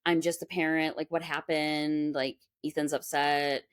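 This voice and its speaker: A woman's voice: low voice, unhurried, clean tone. A woman being interviewed about her music school, telling stories in a chatty way and acting out what people said. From Minnesota, US. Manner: animated, acts out quoted voices. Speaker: guest, music school owner. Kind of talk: casual storytelling interview.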